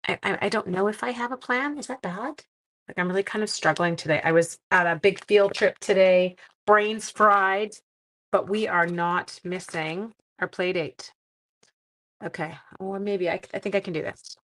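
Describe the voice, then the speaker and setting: A woman's voice: medium pitch, steady tone, moderate pace, a bit bright. Chatty woman demonstrating card-making. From Canada. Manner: chatty and self-deprecating, thinking aloud. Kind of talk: casual live-stream craft demo.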